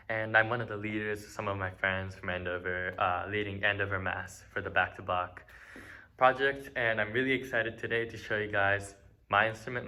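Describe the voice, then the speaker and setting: A man's voice: lowish voice, sharp tone. An eighteen-year-old man giving a casual, friendly violin lesson, with many ums and uhs. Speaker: student violin teacher.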